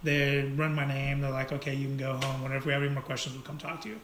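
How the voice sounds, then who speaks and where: A man in casual chat, telling a heated story in an animated, profane way. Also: medium pitch, racing. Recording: echoey room, faint noise.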